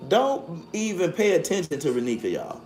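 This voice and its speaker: A man's voice: a little high, huge pitch swings, normal speed, soft background music. Profane man ranting on stream. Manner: loud, profane, mocking, with frequent laughs. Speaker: livestream host. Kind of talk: combative livestream commentary.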